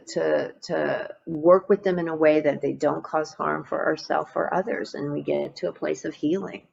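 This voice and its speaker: Gravelly-voiced woman giving a dharma talk. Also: low voice, highs cut off. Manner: gentle, reflective, with frequent fillers and restarts. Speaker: meditation teacher.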